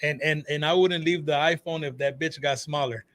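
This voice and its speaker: A man, a phone repair shop owner guesting on a talk show, telling animated stories full of swearing and acted-out quotes. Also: a little high, moderate pace, no echo. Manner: animated storyteller, swears freely, acts out quotes. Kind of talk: casual talk show chat.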